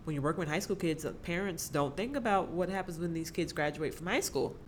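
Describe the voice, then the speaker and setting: A woman's voice: deep voice, fast talker, background noise. A woman, a special education teacher speaking as a podcast guest, talking animatedly and laughing often. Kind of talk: conversational podcast interview.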